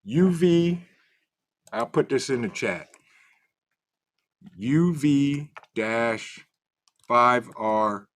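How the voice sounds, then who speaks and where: Male stream host, slow-paced, bright and animated. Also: medium pitch. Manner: greets chat viewers by name, animated and loose. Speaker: livestream host. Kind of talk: casual livestream chat reading comments.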